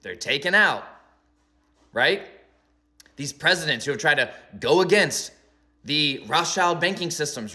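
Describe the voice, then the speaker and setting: A man's voice: a little high, pushed and bright. A young man in a rambling, emphatic philosophical monologue, peppering his talk with "like" and "right?". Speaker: spiritual commentator.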